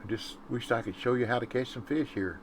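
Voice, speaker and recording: A man's voice: medium pitch, a little fast, slight background noise. A man casually commenting while playing a fishing game, chatting to viewers and humming to himself. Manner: laid-back, chatty, hums and sings to himself. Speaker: gaming streamer.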